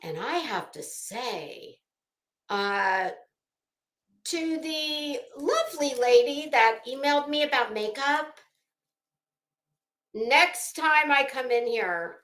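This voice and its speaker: A woman's voice: sits high, lively intonation, slow, a bit bright, reverberant. A woman hosting a fashion gossip commentary show at home, telling a rambling, profane, self-mocking story while hot and sweaty. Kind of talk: casual chatty commentary.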